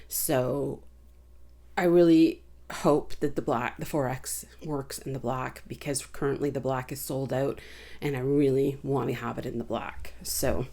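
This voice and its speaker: A woman with a notably low voice talks casually through a review of things she bought. She rambles in a relaxed, chatty way, with plenty of fillers and restarts. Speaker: vlogger reviewing purchases.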